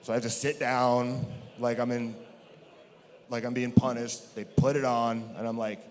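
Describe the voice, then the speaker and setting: A man's voice: mid-range voice, little pitch movement, normal speed. Man, storytelling, rambling, self-mocking, many restarts, reverberant hall. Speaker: guest. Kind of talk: storytelling on a podcast.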